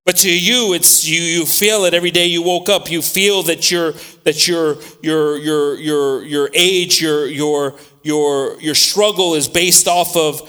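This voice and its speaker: A man preaching a sermon, swinging between loud scripture reading and quiet, repetitive asides. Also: on the high side, steady tone, unhurried, few pauses, clean tone. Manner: repeats words while searching for them.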